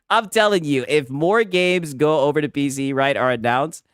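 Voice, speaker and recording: A man reacting to posts on a casual stream, animated and laughing, with "right?" after many lines. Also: a little high, normal speed, clean tone, no room sound, studio quality.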